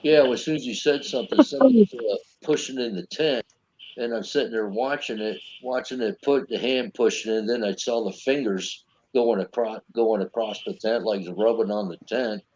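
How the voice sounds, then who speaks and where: A man's voice: mid-range voice, animated, a little fast, a little mellow, breathy edge, highs cut off. A male guest on a video call, chatting casually with a dry, joking manner. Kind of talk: casual chat.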